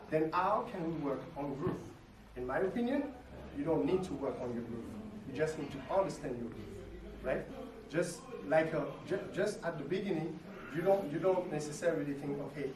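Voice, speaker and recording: Dance teacher in an echoey studio. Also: male voice, a little high. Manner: explanatory, ends points with tag questions. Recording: echoey room, mic far off. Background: music playing.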